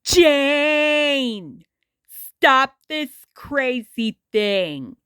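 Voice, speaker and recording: A woman voicing a dim-witted, gentle male cartoon cat with a goofy way of talking. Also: sits high, very animated, very slow, dry recording, studio quality, heavily acted.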